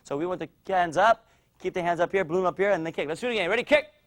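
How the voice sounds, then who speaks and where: A man teaching a martial arts class for young children, explaining drills and loudly cheering the kids on. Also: high voice, very fast. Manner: energetic, coaching and cheering children on. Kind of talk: instructional demo with kids.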